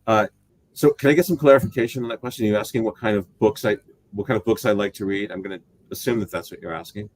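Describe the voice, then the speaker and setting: A man's voice: fairly low pitch, quick pace. A middle-aged man from the United States, talking as an interview guest in a rambling, thoughtful way that often corrects itself. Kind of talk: casual interview talk.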